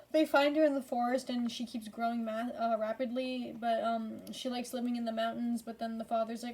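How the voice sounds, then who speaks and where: Worn out woman rambling about movies late at night, swears a ton, kinda high voice. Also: steady tone, moderate pace, a little mellow. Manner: rambling, swears constantly, many fillers. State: tired. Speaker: movie reviewer. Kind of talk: casual movie ranking vlog.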